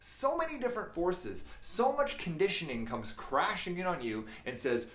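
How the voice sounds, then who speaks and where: A man talking as a life coach in a motivational livestream, animated, often laughing at himself and swearing casually. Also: a little high, normal speed, reverberant.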